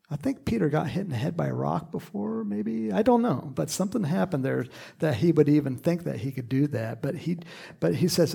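A man preaching a sermon in an animated, conversational way, with asides and laughs. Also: fairly high pitch, normal speed, vocal fry, breathy edge.

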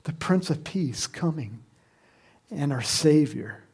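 A man's voice: fairly high pitch, expressive, takes it slowly, darkish tone, slightly rough. A man preaching a sermon in a conversational way, often asking his listeners questions. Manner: conversational, asks the congregation questions, laughs.

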